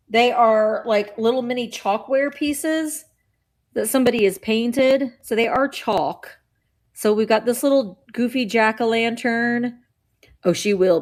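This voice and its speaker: A woman chatting casually while running a live vintage auction, bubbly and playful with sing-song noises. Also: on the high side.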